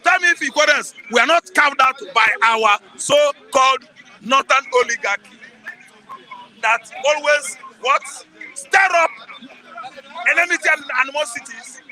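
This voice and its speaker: Nigerian guy ranting about politics, real high voice, keeps asking are you listening. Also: animated, unhurried, bright, forceful tone, some chatter behind, poor audio. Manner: emphatic, repeats words, presses listener with rhetorical questions. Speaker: political commentator guest. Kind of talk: heated political commentary.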